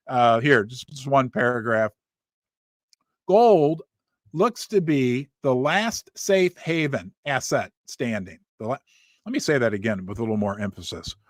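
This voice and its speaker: Middle-aged male host, somewhat high voice, emphatic and folksy, dry close recording. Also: dry recording. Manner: emphatic, folksy, asides and rhetorical questions. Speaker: host of a finance commentary show. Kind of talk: casual commentary reading news aloud. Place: home studio.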